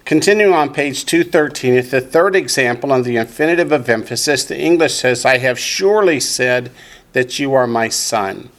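In this Hebrew class, the man at the front has a fairly bright, mid-range voice. He takes his explanations slowly and deliberately, then leads the students in repeating words back to him.

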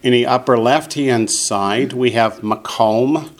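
A man teaching a Hebrew class, saying each word slowly and clearly so his students can repeat it. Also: mid-range voice, crowd noise. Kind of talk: classroom lesson.

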